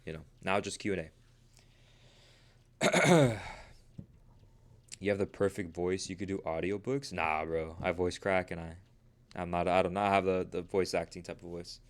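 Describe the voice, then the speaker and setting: A man's voice: sits low, unhurried, pauses often. A man of twenty hosting a casual livestream about trading, talking earnestly and motivationally, peppering his speech with "right?" and "bro". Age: 20s.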